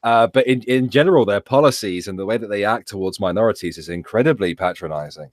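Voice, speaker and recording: A man's voice: fairly low pitch, fast, dry recording, clean studio sound. A man co-hosting a casual political talk show, blunt and dismissive, often starting with hesitant repeated words. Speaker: co-host. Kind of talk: casual political commentary chat.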